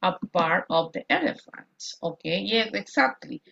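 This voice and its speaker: Bright-voiced woman teacher, lo-fi call. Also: mid-range voice, animated, vocal fry. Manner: drills words slowly, switches between English and Spanish. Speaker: English teacher. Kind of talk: online class instruction. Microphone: video call. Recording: lo-fi video call audio.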